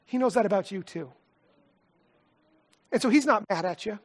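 A man preaching a sermon, telling a personal story in an earnest, heartfelt way and often dropping to a soft, quiet voice. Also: high-pitched, moderate pace. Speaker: pastor.

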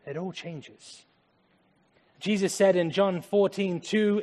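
Dramatic preacher man with a high voice. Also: slow pace. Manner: dramatic, swings from loud to hushed. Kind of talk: sermon. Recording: echoey hall.

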